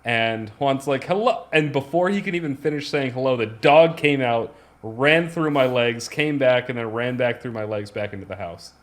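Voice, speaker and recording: A man's voice: mid-range voice, normal speed, hardly any pauses. A man co-hosting a podcast, telling stories in a casual, rambling way with lots of restarts and fillers. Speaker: podcast co-host. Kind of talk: casual chat.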